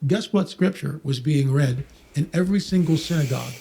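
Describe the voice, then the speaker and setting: Man, fairly high voice, fast preachy podcast talk, emphatic, scripture quoting, faint hiss. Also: creaky, dark tone. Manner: emphatic, quotes scripture, mocks skeptics. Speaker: Bible prophecy speaker on a podcast.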